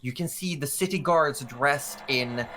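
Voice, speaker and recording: A man's voice: mid-range voice, a little slow, sharp tone, a little hiss or hum. A man narrating as game master of a tabletop game in loose, conversational description.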